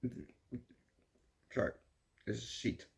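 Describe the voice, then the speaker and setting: A young man from the Netherlands with a Dutch accent, ranting casually in a movie review, swearing and saying "yo" a lot. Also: unhurried. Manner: rambling, swears a lot, says "yo" often.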